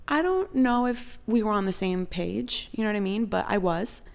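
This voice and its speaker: A woman's voice: medium pitch, expressive, normal speed, vocal fry. A young adult woman telling a chatty, dramatic story in a casual vlog and saying "like" a lot. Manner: chatty and dramatic, heavy use of "like".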